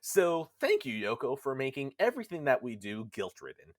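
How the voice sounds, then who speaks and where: A man hosting a casual gaming podcast, retelling a story with lively, animated delivery. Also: mid-range voice, brisk, no room sound, clean studio sound. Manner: animated storytelling, acts out characters in goofy voices. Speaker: podcast host.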